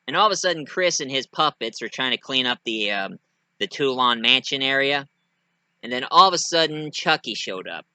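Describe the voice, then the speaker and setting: A man's voice: moderate pace, no room sound. A man casually telling his own fan story, rambling and hesitant with many fillers. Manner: rambling, hesitant, lively pitch.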